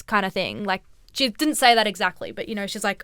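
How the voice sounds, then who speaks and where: Animated young woman telling a story. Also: on the high side, fast, clean tone, no room sound, clean studio sound. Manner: animated storyteller, acts out quotes, swears freely. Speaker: podcast co-host. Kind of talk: casual chat.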